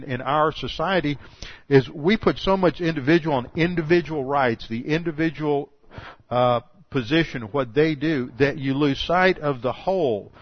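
An older man preaching a sermon, animated and full of rhetorical questions, often restarting his sentences. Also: fairly high pitch, no echo. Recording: dull lo-fi dry sound.

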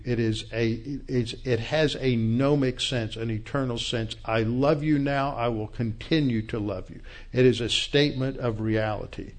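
Male Bible teacher, mid-pitched, slow and deliberate, unpacks word meanings patiently for a congregation. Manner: unhurried, explains Hebrew words step by step.

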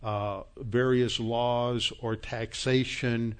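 A male pastor preaching from scripture at an ordinary pitch. He speaks emphatically and works up to angry scolding, then settles back into steady teaching. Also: extremely slow, clear, resonant tone. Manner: quotes scripture references. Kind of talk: sermon.

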